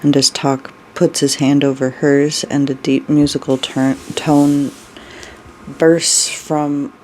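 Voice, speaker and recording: A storyteller reading a dark story aloud, unhurried, with brief personal asides. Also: medium pitch, flat delivery, a little hiss or hum, rough recording.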